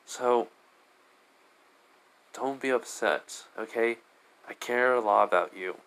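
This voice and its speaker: Earnest young hero voiced by a man, soft and halting, plain mid-pitched voice. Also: vocal fry, rough recording. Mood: tender. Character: kind, earnest young male adventurer.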